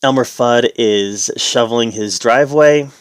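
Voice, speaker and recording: A man giving a casual spoken review, relaxed and conversational, with the odd sarcastic aside. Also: mid-range voice, measured pace, dry recording.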